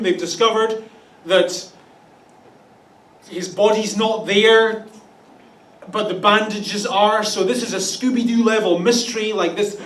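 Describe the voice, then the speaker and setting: Wry high-voiced pastor in an echoey hall. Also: male voice. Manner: wry, playful asides with mock voices. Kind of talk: humorous Easter sermon. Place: church auditorium. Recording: echoey room, distant mic.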